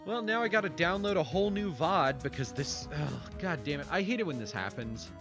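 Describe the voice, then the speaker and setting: A man streaming a game, chatting casually in joking, animated banter. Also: a little high, fairly quick. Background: game music.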